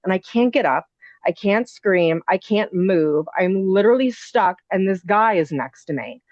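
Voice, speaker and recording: A woman in her thirties tells her story in an animated, rambling way, piling on fillers and asides. Her voice sits at a middle pitch. The sound is dull and muffled, with no room echo at all. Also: a little slow. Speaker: podcast guest. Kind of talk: casual storytelling.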